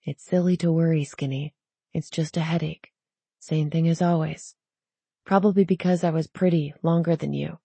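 A woman voicing a worried young man who murmurs in a hushed, strained way. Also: fairly low pitch, level tone, a little fast, breathy edge, dry recording.

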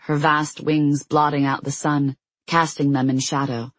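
An audiobook narrator telling a fantasy story in a steady, measured way. The voice is slightly husky and mid-pitched, recorded close and dry with no room sound. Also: no echo, low-quality recording.

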